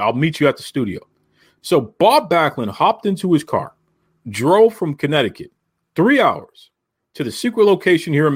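A man hosting a wrestling podcast, teasing his co-host and boasting in joking banter. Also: fairly high pitch.

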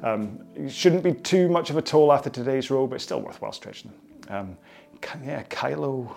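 A man's voice: medium pitch, lively intonation, moderate pace, gravelly, a little mellow, faint music behind. A man with a Scottish accent leading a stretching session in a rambling, self-mocking way, laughing often and drifting off on tangents. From Scotland. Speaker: fitness instructor. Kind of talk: rambling casual stretch-class talk. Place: indoors, on the floor while stretching.

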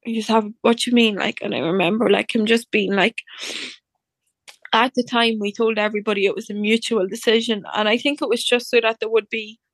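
A woman's voice: fairly high pitch, fairly even intonation, brisk, no room sound. A woman telling a personal story in casual chat, acting out what people said to her with many fillers. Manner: chatty, acts out reported dialogue, many fillers like "like".

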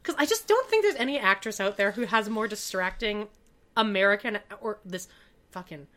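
A woman co-hosting a casual chat, animated, dropping from loud exclamations to mumbles. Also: medium pitch, normal speed. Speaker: podcast co-host.

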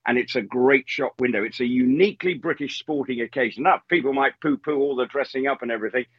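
A man's voice: medium pitch, fast, slightly rough, dry recording, lo-fi sound. A man giving earnest, emphatic opinions as a horse racing pundit on radio. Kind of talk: radio interview commentary.

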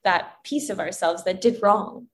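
A woman's voice: mid-range voice, unhurried. Earnest woman talking about self-love. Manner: earnest, preachy, acts out inner dialogue. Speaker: guest. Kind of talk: casual spiritual chat.

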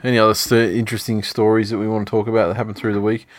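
A man's voice: on the low side, little pitch movement, racing, dry recording, studio quality. A man co-hosting a casual sports chat, rambling and swearing freely. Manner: rambling, swears often, laughs a lot. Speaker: podcast co-host.

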